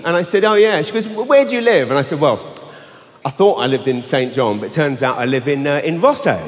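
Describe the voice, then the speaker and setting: A man performing live stand-up comedy, telling a story with animated bursts of shouting. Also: on the high side, a little fast. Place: large arena stage. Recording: live arena with long reverb.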